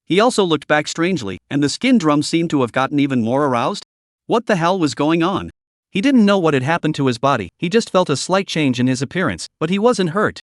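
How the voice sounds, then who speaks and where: A man narrating a fantasy comic story recap in a steady, even reading. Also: a little high, brisk, dry recording, studio quality.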